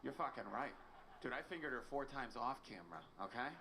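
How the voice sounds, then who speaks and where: A man's voice: mid-range voice, expressive, brisk, background noise, voice pushed down, natural voice. A man putting on the voice of a brash, boastful tough-guy male movie star, crude and swaggering.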